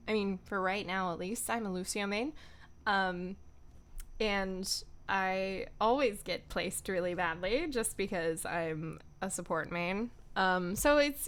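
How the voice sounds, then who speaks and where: A woman's voice: medium pitch, fairly bright tone. A young woman, a voice actor, chatting casually on a home stream in a playful, rambling way with giggly asides.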